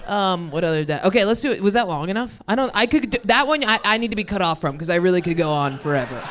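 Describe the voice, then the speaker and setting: A woman's voice: mid-range voice, lively intonation, quick pace, noisy background. A young woman doing improvised stand-up on a club stage, rambling, crude and self-deprecating, laughing at her own jokes. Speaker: stand-up comedian. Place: comedy club stage with live audience.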